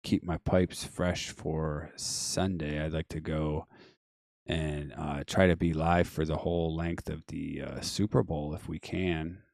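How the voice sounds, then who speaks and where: A man hosting a live-stream call-in show, chatting casually and rambling with lots of fillers while reading out viewer comments, his voice going hoarse. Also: rumbling low, little pitch movement, slow pace, a little mellow, dry recording, clean studio sound. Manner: rambling, offhand, many fillers and trailing asides. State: losing his voice.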